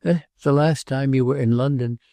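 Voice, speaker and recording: A man's voice: mid-range voice, fairly even intonation, normal speed, gravelly, dark tone, no echo, pitched above the performer's own voice, lightly acted. A man voicing an elderly woman, tired and blunt, in an audiobook reading. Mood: weary. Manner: dry, tired, refusing.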